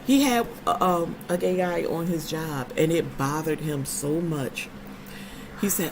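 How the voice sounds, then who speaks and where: A woman's voice: on the low side, unhurried, fairly bright tone, slight background noise, rough recording. Chatty woman vlogger talking to viewers. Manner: chatty storyteller, playful and emphatic. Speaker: vlogger host. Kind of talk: casual chat with live viewers.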